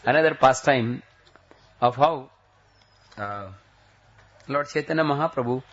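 Husky-voiced man telling a sermon story. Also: medium pitch. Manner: slows and rises when voicing prayers. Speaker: preacher. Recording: dull lo-fi recording.

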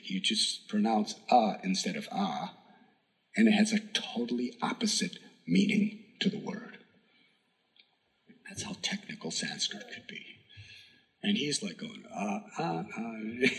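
A man giving a sermon, telling a devotional story in an earnest, emphatic way that sometimes drops to a hush. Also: fairly high pitch, creaky, rough recording. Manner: earnest, emphatic storytelling with hushed whispered moments. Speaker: spiritual teacher.

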